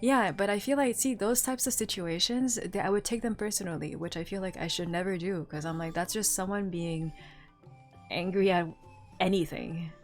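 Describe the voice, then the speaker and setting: A young woman streamer telling work stories in casual chat, animated and laughing often, with lots of filler words. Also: mid-range voice, normal speed, faint music behind.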